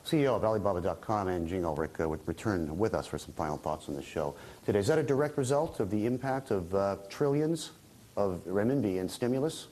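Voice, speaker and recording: A man's voice: on the low side, lively intonation, brisk, darkish tone, slight background noise, low-quality recording. A man hosting a business news show, asking probing questions in a conversational way. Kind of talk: broadcast interview.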